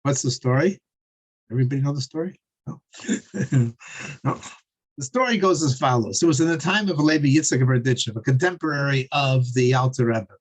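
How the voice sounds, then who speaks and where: A man's voice: mid-range voice, fairly quick, rough recording. A man teaching a Torah class, telling a story conversationally with frequent fillers and chuckles.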